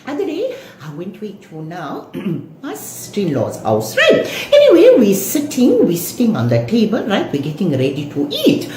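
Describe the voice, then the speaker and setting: A woman's voice: medium pitch, wildly swooping pitch, normal speed, dark tone, echoey room. A woman playing a gossipy older Durban Indian auntie in a comic monologue, with a South African Indian English accent, theatrical and chatty, calling everyone darling. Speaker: comedy segment regular.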